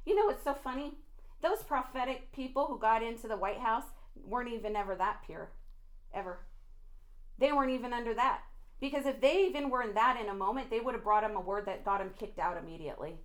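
A young woman with a high voice preaches a fiery sermon. She drops into low, intense scolding, then breaks into loud, laughing outbursts. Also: expressive, fairly quick. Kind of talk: impassioned sermon.

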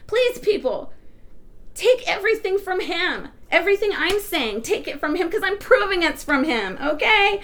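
Excitable high-voiced woman preaching. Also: moderate pace. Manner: excitable, laughs often, restarts sentences. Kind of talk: animated Bible teaching.

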